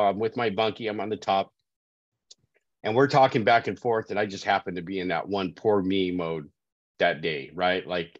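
Low-voiced man telling his story. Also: dry recording. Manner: conversational, keeps asking "right?". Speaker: sobriety coach guest. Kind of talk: casual storytelling interview. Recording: dry, dull lo-fi call audio.

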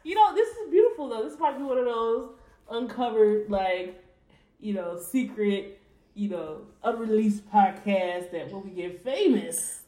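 A woman's voice: mid-range voice, expressive, a little slow, dark tone. A woman from Detroit co-hosting a podcast, a little tipsy, chatting casually with laughing, profane banter. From Detroit, USA. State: tipsy from drinking. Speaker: podcast co-host. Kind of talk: casual chat. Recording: echoey room.

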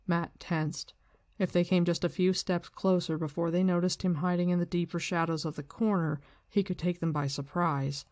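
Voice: medium pitch, steady tone, moderate pace, darkish tone, no room sound, clean studio sound. A book-discussion host retelling a story in a loose, slangy way with some swearing, switching into reading passages aloud.

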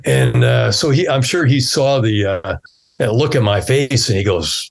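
A man's voice: mid-range voice, normal speed, creaky, breathy edge. A man in his sixties, a former fighter pilot, telling stories casually in an interview and acting out the dialogue. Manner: animated storyteller who acts out quoted dialogue.

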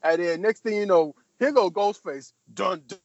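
A man's voice: moderate pace, no echo, lo-fi sound. A man in casual chat, animatedly recapping a TV episode and acting out the characters' lines with sudden jumps in his voice. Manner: animated storytelling, acting out quotes with big pitch jumps, heavy profanity.

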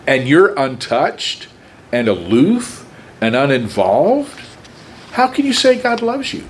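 A man preaching a sermon, emphatic and conversational, with pauses between phrases. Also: medium pitch, slight background noise.

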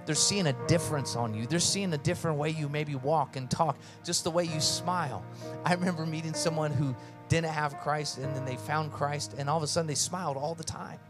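A pastor delivers a sermon in an earnest, conversational way, moving between stories and scripture. His voice sits a little high for a man, and soft music plays beneath him. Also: brisk. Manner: conversational storytelling preacher, lively and earnest.

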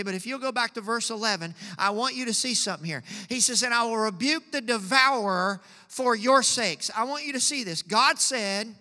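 High bright-voiced preacher man, echoing hall. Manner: preaching with rising fervor, scripture reading. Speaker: pastor. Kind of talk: sermon. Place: church sanctuary.

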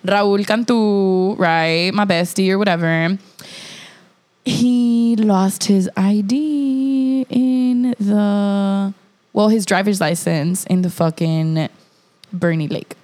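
A woman's voice: medium pitch, slow pace. A young woman, telling a story in a casual chat. She swears freely and says "like" a lot. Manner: animated storytelling, profane, heavy use of "like".

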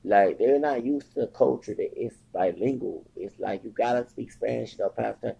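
Gravelly man rambling, lo-fi recording. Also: lowish voice, moderate pace, mellow. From Houston, Texas. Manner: rambling, switches into Spanish, frequent fillers. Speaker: podcast host. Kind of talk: casual monologue. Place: at home, near the kitchen.

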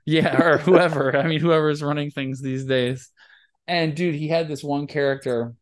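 Man, podcast host, casual storytelling, swears a lot, fairly high voice. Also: normal speed, over a noisy crowd. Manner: profane, animated storyteller.

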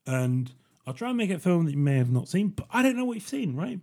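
Man, podcast host, casual monologue, dark husky voice, jokey, keeps saying "right?". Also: high-pitched, very animated, fast talker. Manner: joking and rambling, keeps asking "right?".

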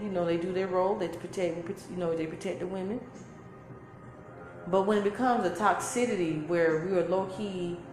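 A woman, giving an emphatic, preachy spiritual talk full of repeated phrases. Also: fairly low pitch. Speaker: spiritual teacher. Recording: echoey room with faint music.

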